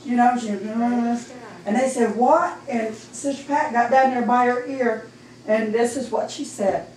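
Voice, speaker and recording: A middle-aged woman with a Midwestern American accent gives a heartfelt personal testimony in church, her voice rising toward near-shouting as she recounts praising God. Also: a little high, steady tone, unhurried. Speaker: church member giving testimony. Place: church sanctuary. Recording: echoey room, distant mic, faint noise.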